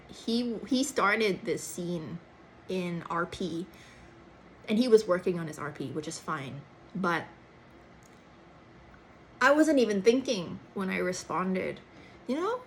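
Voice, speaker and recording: A woman's voice: mid-range voice, a little hiss or hum, poor audio. Chatty young Singaporean woman. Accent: Singaporean English with Cantonese influence, third culture. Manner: chatty, animated, frequent "like" and "lah". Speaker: actor. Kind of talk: casual chat.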